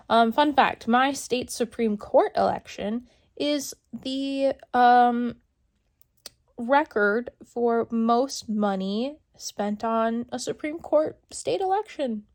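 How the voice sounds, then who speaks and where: A young woman book vlogger chatting casually to the camera, excitable and chatty, sometimes dropping into a whisper. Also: fairly high pitch. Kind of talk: casual vlog chat to camera. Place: in a car on the way to a salon.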